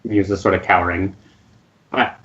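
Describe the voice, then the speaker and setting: A man narrating as game master of a tabletop game in a relaxed, loose way. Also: sits low, a little fast, lo-fi sound.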